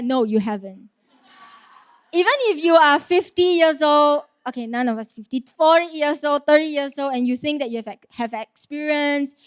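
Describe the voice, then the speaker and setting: A woman's voice: high voice, no echo, clean studio sound. A woman preaching a sermon in an earnest, conversational way, asking rhetorical questions and laughing lightly.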